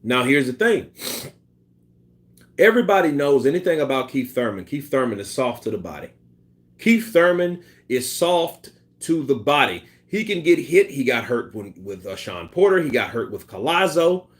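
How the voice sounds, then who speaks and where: Male streamer host, animated delivery, profane casual boxing chatter. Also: mid-range voice, moderate pace. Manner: loose and profane, with bursts of laughter; imitates punch sounds and quotes people in put-on voices. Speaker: boxing commentary host reading live chat. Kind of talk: casual live-stream chat.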